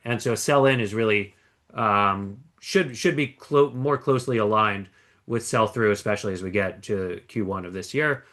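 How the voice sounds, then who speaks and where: A man giving an analytical investment presentation, measured and explanatory, with frequent ums and small restarts. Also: on the low side, a bit bright. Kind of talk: conference stock pitch. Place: conference presentation.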